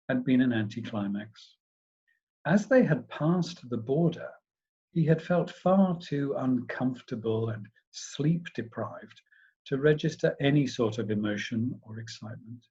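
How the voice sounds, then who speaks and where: A man, a professor, reading a humorous story aloud in a measured, expressive way. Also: medium pitch, slightly rough, highs cut off.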